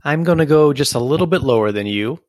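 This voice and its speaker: Relaxed, laughing male podcast co-host. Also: on the high side, fast, no room sound, clean studio sound. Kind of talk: casual chat.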